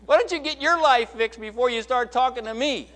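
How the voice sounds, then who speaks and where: Skeptical coworker, scoffing and incredulous, high pitched, put on by a preaching man. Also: fairly quick, fairly bright tone. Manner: incredulous, mocking.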